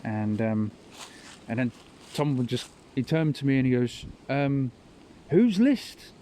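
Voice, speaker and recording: A man's voice: medium pitch, normal speed, warm tone, a little hiss or hum, low-quality recording. A man hosting a podcast, telling stories in a rambling, casual monologue and chuckling at his own tales. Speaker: podcast host.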